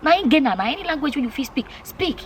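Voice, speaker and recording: A woman's voice: high-pitched, very animated, fast talker, background noise. A woman with a Nigerian Pidgin accent, chatting casually and emphatically to her vlog viewers, repeating herself often. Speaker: vlogger.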